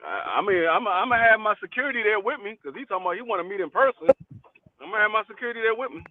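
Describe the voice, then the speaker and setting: Podcast co-host, man, very high lively voice, stammering joker, phone-quality audio. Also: very fast, a little hiss or hum. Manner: joking, stammers and restarts. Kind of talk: casual boxing chat.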